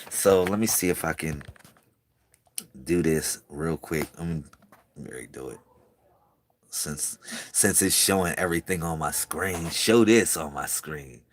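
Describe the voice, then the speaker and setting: A man with a lowish voice chats straight to his viewers in loose, slangy talk. He gets excitable, repeats his lines, and swings from loud bursts to near-murmurs. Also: a little hiss or hum. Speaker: video creator. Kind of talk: casual chat to viewers.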